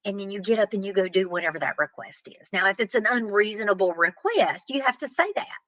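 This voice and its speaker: Bright-voiced woman giving relationship advice. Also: medium pitch, expressive, fast talker, few pauses, no room sound, rough recording. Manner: earnest, plain-spoken, acts out example dialogues. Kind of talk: direct-to-camera advice talk.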